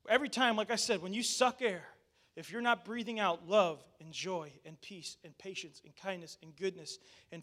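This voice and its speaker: A male pastor delivering a sermon. He talks to the congregation directly and mixes scripture with chatty asides and restarts. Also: sits high. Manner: animated, addresses the congregation directly.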